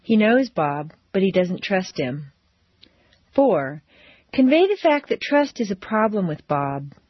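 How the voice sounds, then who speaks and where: A woman teaching pronunciation drills, speaking slowly and deliberately with exaggerated intonation. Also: medium pitch, big pitch swings, slightly rough, no room sound. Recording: dull dry lo-fi recording.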